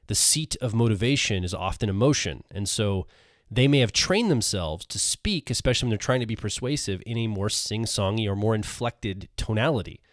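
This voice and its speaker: Low-voiced man co-hosting a podcast. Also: normal speed, dry recording, clean studio sound. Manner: relaxed, adds caveats and qualifications. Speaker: podcast co-host. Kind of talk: casual podcast talk.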